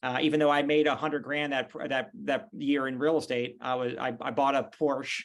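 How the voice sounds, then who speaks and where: A man's voice: medium pitch, moderate pace. A middle-aged man as a podcast guest, telling stories casually and acting out the voices of people in his anecdotes. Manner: animated, acts out voices in anecdotes. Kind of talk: casual storytelling interview. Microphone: video call.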